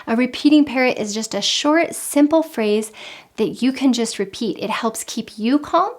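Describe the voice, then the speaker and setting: A woman giving calm, earnest parenting advice in an instructional talk, repeating her key points. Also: a little high, normal speed. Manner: calm, earnest, with frequent repetition. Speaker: parenting coach.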